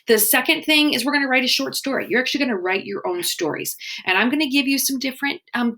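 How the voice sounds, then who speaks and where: A woman's voice: mid-range voice, a bit bright. Encouraging woman teaching kids to write. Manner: friendly, encouraging, slows down to sound out syllables. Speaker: children's writing instructor. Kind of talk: webinar lesson for children.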